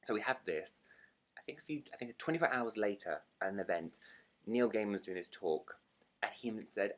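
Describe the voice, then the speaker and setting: A young British man chatting excitedly in a casual book vlog, gushing and rambling. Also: on the low side, fairly quick. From Britain. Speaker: book vlogger.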